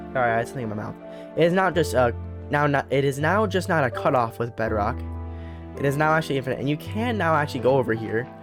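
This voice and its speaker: A young man talks through a gameplay video in an easygoing, meandering way, often stumbling and correcting himself as he goes. His voice sits at an ordinary middle pitch, with faint music playing underneath. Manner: rambling, self-correcting, repeats words. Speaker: let's play host. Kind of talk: casual gameplay commentary.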